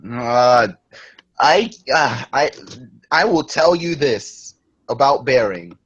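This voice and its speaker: A man's voice: medium pitch, expressive, slow, slightly rough. A man casually chatting on a group livestream, swearing often and laughing a lot in a jokingly hot-headed way. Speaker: livestream host. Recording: dull lo-fi stream audio.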